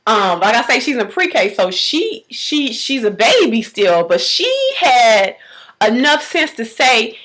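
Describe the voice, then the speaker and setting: Mom vlogging, high voice, slangy and fired up, jumps way up when she quotes folks. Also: very animated, slow, a bit bright, rough recording. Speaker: mother vlogging about parenting. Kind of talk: emotional storytelling vlog.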